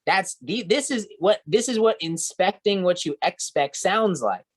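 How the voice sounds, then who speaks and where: Man, sales team trainer, unhurried delivery, coaching tone, keeps asking "right?". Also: high-pitched, lively intonation, breathy edge. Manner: coaching, repeats "right?" and "okay?".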